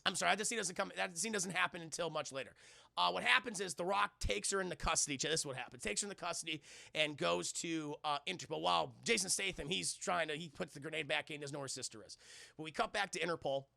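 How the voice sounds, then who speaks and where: Male streamer, bright gravelly voice, animated recap on a dry close mic. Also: on the high side, no room sound. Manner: animated, acts out lines in quick impressions, swears freely. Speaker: streamer reviewing a film. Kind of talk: casual spoiler recap to live chat.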